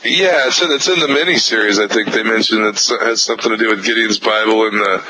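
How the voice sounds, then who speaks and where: Bright-voiced podcast co-host man. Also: fairly low pitch, quick pace, slight background noise, low-quality recording. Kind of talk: casual comic-book chat.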